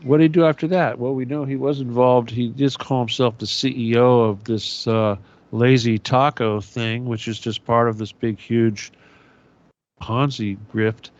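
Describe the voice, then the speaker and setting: A man's voice: mid-range voice, steady tone, moderate pace, dull audio. A man hosting his own radio show, delivering a profane, sarcastic conspiratorial monologue. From United States.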